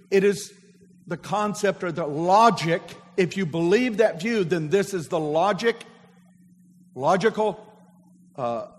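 High-voiced pastor preaching in a reverberant church. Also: male voice. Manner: preaching with call-and-response to a congregation. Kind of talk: sermon. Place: church sanctuary. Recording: long hall reverb of a church.

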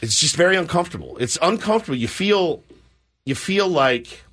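Bright-voiced animated radio host. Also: male voice, a little high, a little fast. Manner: animated storyteller acting out quotes. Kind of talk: casual morning radio chat. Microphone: studio microphone.

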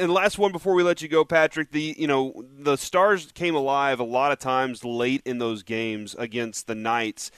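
Smooth-voiced sports radio host. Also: male voice, mid-range voice, dry recording.

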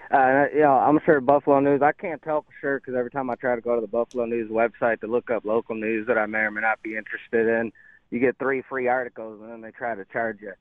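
A man's voice: medium pitch, little pitch movement, quick pace, no room sound. Male radio caller on a tinny phone line. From lives in Lubbock, Texas. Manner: rambling, folksy, many fillers. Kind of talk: phone-in conversation.

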